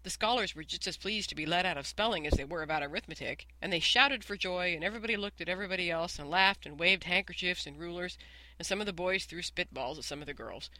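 An audiobook narrator reading a children's story in an even, measured way. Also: mid-range voice, poor audio. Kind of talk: scripted narration.

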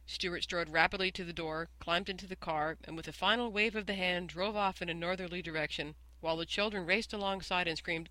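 A man narrating a children's storybook in a clear, measured, gently expressive way. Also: a little high, no room sound, low-quality recording. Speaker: audiobook narrator.

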